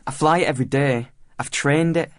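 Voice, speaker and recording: Man voicing a teenage boy, Yorkshire, blunt, higher than his own voice, dry. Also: normal speed, a little mellow, dry recording, natural voice. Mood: earnest. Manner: blunt, eager, dialect-heavy. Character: defiant working-class teenage boy.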